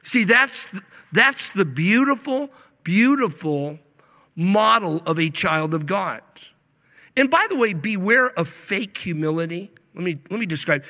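A male pastor delivering a sermon, stretching key words slowly and swinging between loud emphasis and hushed asides. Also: high-pitched, expressive. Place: church sanctuary. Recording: long reverb of a large hall.

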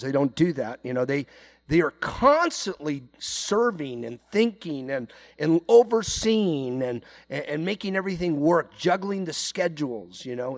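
Conversational male pastor preaching. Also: fairly high pitch. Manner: conversational, repeats words, frequent "you know". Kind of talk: sermon.

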